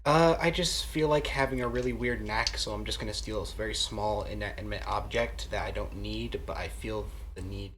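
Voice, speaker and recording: A man playing his character in a tabletop game, rattling off quick, repetitive lines. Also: on the low side, fairly bright tone, slight background noise. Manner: rapid, repetitive, hyper chatter. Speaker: player.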